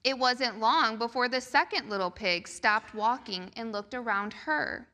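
A woman reading a picture book aloud to children during a church service, slow and expressive. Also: on the high side. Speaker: children's storyteller.

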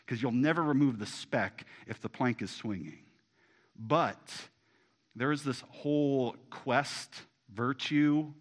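Man, pastor, sermon, bright forceful tone, slightly high voice, stammering restarts, quiet then loud. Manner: repeats words when starting, swings from low to sudden shouts.

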